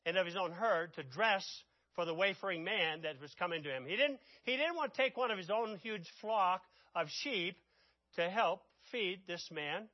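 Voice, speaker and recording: A man preaching a sermon, telling the story dramatically and swinging from loud outbursts to hushed asides. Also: high voice, moderate pace, dry recording, highs cut off.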